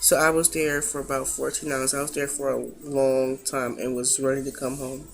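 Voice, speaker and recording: A woman's voice: extremely low pitch, flat delivery, normal speed, vocal fry. Tired young woman telling a hospital story. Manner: chatty, recounting events with reenacted quotes; emotional, fighting back tears at times. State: tired, just woke from long sleep. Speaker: vlogger. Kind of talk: casual storytelling vlog.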